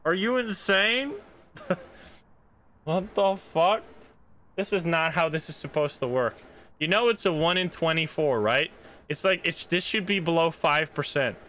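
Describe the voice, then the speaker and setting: Excitable male streamer with a bright voice. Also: fairly high pitch, a little slow, pauses often. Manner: excitable, swears and laughs at his own mishaps. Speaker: streamer playing a ghost-hunting game. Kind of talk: live gameplay commentary.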